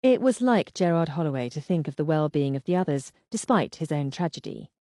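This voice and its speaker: Woman narrator, audiobook, lively intonation, dry close recording. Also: low voice, dry recording. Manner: measured, expressive reading. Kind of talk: scripted first-person narration.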